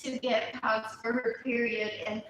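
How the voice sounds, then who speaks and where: A woman's voice: on the high side, level tone, measured pace, a bit bright. Woman rambling on a phone livestream, repeats herself, slips into whispers, echoey room. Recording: echoey room with clear background noise.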